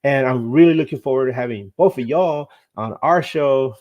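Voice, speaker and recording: Friendly man guest, mid-pitched voice. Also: moderate pace, lo-fi sound. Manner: friendly, hesitant with fillers. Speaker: guest from another fan show. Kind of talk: casual podcast chat.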